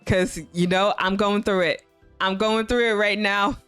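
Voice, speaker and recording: Young woman, streamer, giggly chatty gushing, smooth voice, faint music behind. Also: medium pitch, steady tone, unhurried, a bit bright, no room sound. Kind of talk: casual livestream chat, reading a visual novel aloud.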